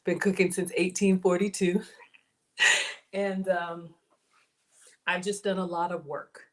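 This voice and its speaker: Woman in her forties, mild Southern drawl, slightly low voice, chatty livestream cooking host, calls viewers y'all. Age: 40s. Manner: chatty, thanks viewers, addresses chat as y'all. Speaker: home cook livestream host. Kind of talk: casual livestream chat while cooking.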